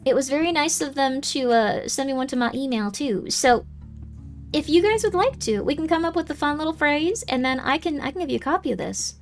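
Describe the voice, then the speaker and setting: A woman's voice: high-pitched, animated, a little fast. A woman streamer giving casual live game commentary in a bubbly, goofy, self-deprecating way. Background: faint game music.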